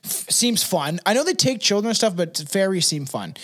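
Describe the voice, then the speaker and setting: Young man, high-pitched for a guy, from Canada, rambling podcast co-host, lots of ums and laughs. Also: sing-song, normal speed, a bit bright, breathy edge. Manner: rambling, laughs often, many fillers. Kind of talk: casual crude chat.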